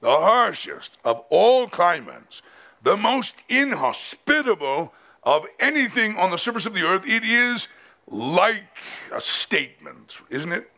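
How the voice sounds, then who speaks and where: A male preacher delivering a dramatic sermon, his voice swinging widely from high to low. The tone is gravelly and bright, and he speaks slowly with emphatic pauses. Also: sing-song. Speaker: pastor. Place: men's conference.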